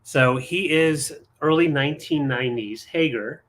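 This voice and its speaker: A man's voice: fairly high pitch, a little slow, fairly bright tone, slight background noise. A man with an American accent co-hosting a live online auction, chatting easily as he brings out the next item. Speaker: live-sale co-host.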